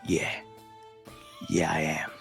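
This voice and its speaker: A man voicing a buff male gnome warrior raised by giants, with an Australian accent and a low gruff drawl. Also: monotone, takes it slowly, soft background music, exaggerated voice.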